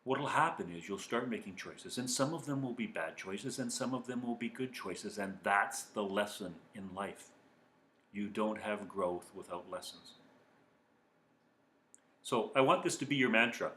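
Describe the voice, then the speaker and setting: A man giving calm, earnest self-help advice as a coach speaking to viewers. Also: fairly low pitch, unhurried, slight background noise. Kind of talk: motivational talk to viewers. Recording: echoey room.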